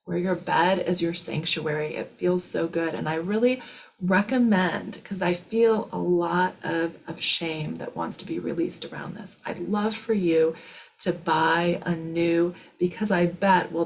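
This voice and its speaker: Gravelly low-voiced woman, soothing spiritual talk. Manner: soothing, reassuring, drifts into soft whispers. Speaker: spiritual channeler and healer answering questions. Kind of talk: live spiritual Q&A.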